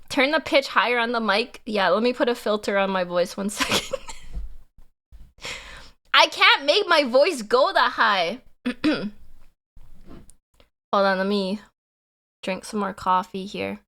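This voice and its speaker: A young woman streamer talks to her chat with a high, lively voice that leaps up and down. She plays everything big and theatrical, dragging her words out slowly between fake sobs and giggles. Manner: theatrical, swings between mock sobbing and laughing. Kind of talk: casual live-stream chat.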